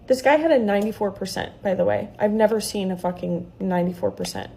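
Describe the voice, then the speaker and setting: A woman tells a storytime vlog with a gravelly, fry-laced voice and a dark, mellow tone. She is heated and curses freely as she recounts what happened. Her delivery is casual and conversational. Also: medium pitch, fast, hardly any pauses. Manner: heated, profane retelling.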